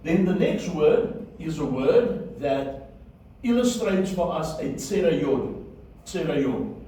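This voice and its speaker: In a classroom lecture on Biblical Hebrew, a man with a warm, fairly high voice speaks slowly with lively intonation, repeating key words and checking that students follow. The recording is very echoey and distant, with faint room noise.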